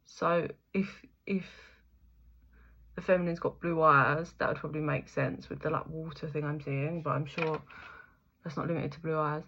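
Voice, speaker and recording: A woman's voice: low-pitched, fairly even intonation, moderate pace, a bit bright, muffled recording. A young woman giving a casual, chatty spiritual reading, full of fillers, the odd swear word and frequent laughter. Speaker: intuitive reader.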